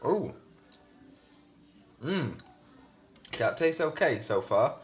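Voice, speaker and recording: A man's voice: medium pitch, big pitch swings, extremely slow, faint music behind. A man chatting casually as he cooks in his home kitchen, rambling and poking fun at himself. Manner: chatty, rambling, self-deprecating. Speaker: home cooking vlogger. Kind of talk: casual cooking commentary.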